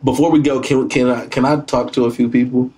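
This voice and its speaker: A man's voice: mid-range voice, fairly even intonation, fairly quick, dark tone. A young adult man hosting a casual podcast, blunt and playful, laughing often. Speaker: podcast host. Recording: faint background noise.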